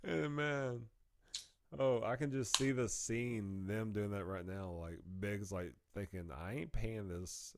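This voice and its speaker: A man's voice: lowish voice, steady tone, slow pace, noisy background. A man, co-hosting a podcast and telling a story in casual chat, laughing as he talks and acting out the people he quotes. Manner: laughs through his stories, acts out quoted people. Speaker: podcast co-host.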